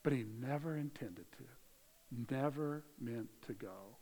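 A man preaching a sermon in a conversational way, swinging between loud emphasis and hushed moments, in a church. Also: mid-range voice, slow pace, creaky. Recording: long hall reverb.

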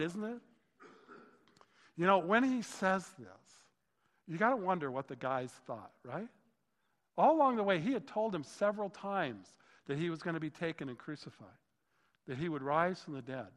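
Enthusiastic pastor preaching in a reverberant hall. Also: male voice, high-pitched, fairly bright tone. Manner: enthusiastic, exclaiming in wonder. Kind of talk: sermon. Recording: long reverb of a large hall.

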